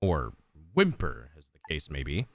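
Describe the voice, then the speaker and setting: A man voicing a small, loyal, fretful dog who speaks softly and slowly. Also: very deep voice, huge pitch swings, faint music behind, pitched below the performer's own voice, heavily acted.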